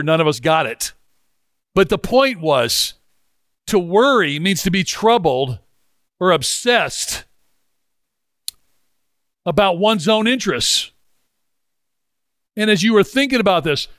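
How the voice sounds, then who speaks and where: Male pastor, conversational sermon, slightly raised pitch, dry close sound. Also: a bit bright, no echo. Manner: conversational, dropping into a lower voice for scripture; halting restarts.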